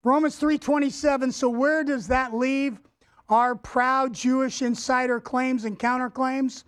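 A man's voice: very high-pitched, steady tone, measured pace. A male pastor preaching a sermon, emphatic, repeating key words and having the congregation say them back. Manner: addresses the congregation directly.

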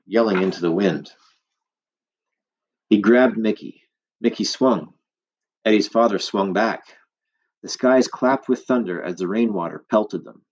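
A man reading a novel aloud in steady, vivid scripted narration. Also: on the low side, lo-fi sound. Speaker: audiobook narrator.

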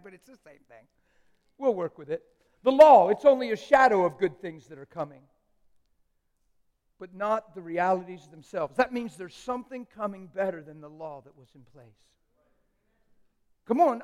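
High-voiced preacher in echoing hall. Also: male voice. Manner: emphatic, swings from hushed to loud; jokes with the congregation. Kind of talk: live sermon. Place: church hall.

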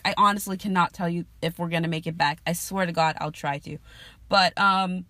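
A woman's voice: on the low side, fairly even intonation, a little fast, sharp tone, no echo. A young woman hosting a casual solo podcast, rambling and swearing freely, laughing often and losing her train of thought. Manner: chatty, profane, laughs often, trails off mid-sentence. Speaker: podcast host.

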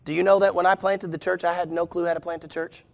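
A man's voice: high-pitched, flat delivery, quick pace, gravelly. A man preaching to his congregation. He is emphatic and keeps turning to the listeners with rhetorical questions. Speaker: pastor. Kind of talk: sermon.

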